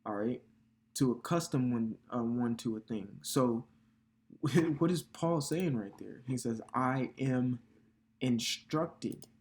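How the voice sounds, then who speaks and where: A man's voice: medium pitch, a little slow, darkish tone. Casual man preaching a loose sermon. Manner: loose, conversational, swears casually, frequent filler tags. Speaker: bible teacher.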